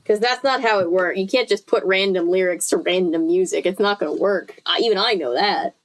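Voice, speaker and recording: A woman's voice: mid-range voice, a little fast. Chatty woman reading a book aloud. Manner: chatty, breaks off to react and laugh. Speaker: host.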